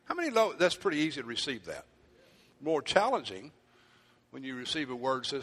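A pastor preaching a sermon, animated and playful, acting out his congregation in asides. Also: medium pitch, a little fast, husky. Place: church hall. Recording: church hall reverb.

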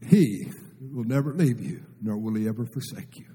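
A middle-aged male preacher delivering an emotional sermon, tearful and impassioned, his voice swelling up and dropping down to a hush. The tone is dark and mellow with a husky edge. It rings out with the long reverb of a large church hall. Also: lowish voice, animated, moderate pace. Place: church sanctuary.

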